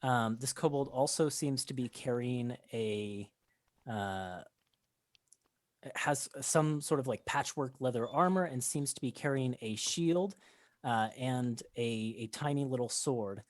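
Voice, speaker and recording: A man's voice: medium pitch, measured pace, no echo. A man narrating as game master of a tabletop game, describing scenes with many ums and restarts.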